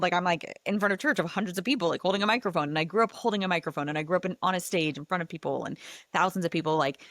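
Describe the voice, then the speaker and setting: Woman podcast host rambling through a story, animated, says like a lot, kinda low voice, dry close mic. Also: rapid-fire, dry recording. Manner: animated, chatty, heavy use of filler "like". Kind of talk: casual storytelling chat.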